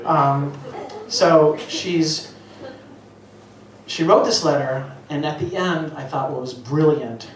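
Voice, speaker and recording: A man's voice: fairly high pitch, takes it slowly, long pauses, a little hiss or hum. Middle-aged man doing profane stand-up. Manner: profane, self-mocking storytelling. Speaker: stand-up comedian. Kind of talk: stand-up routine. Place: stage before a live audience. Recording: echoey venue, voice heard from a distance, loud ambience.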